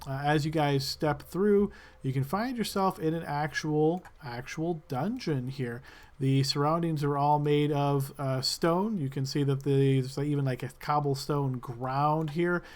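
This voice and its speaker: A man's voice: fairly high pitch, a little slow. A man narrating a tabletop game as game master, describing loosely with many fillers.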